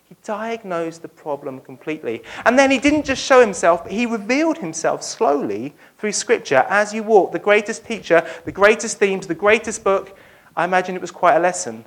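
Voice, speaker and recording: Animated preacher telling a Bible story. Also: mid-range voice, brisk. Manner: acts out the dialogue of the story; speaks directly to the congregation. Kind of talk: lively sermon storytelling.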